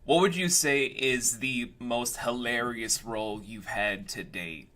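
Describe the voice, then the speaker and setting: Bright-voiced joking male host. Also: medium pitch, measured pace. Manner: joking, playful asides. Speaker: interview host. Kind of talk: casual interview hosting.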